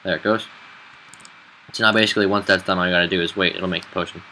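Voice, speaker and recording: A man who admins a game server, walking through a build in a casual tutorial, relaxed and halting with fillers. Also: low voice, a little hiss or hum, rough recording.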